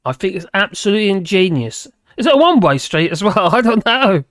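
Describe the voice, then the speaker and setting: A man's voice: sits high, sing-song, fairly quick, a bit bright, no room sound, clean studio sound. A man hosting a live stream, chatting casually with viewers and rambling between topics while laughing often.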